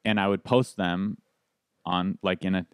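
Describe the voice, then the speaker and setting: A man's voice: low voice, a little slow, clean tone, no echo, studio quality. A man, a comedian, telling stories in a casual podcast chat, rambling with restarts and laughs. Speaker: guest comedian.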